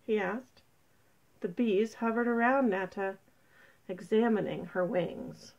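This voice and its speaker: A woman reading a children's story aloud in a gentle, unhurried narration. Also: medium pitch, steady tone. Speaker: storybook reader. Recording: dull lo-fi recording.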